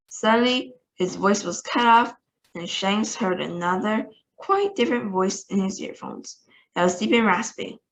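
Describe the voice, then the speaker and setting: A woman reading a children's novel aloud with lively, expressive narration. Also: medium pitch, unhurried, poor audio. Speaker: storybook reader.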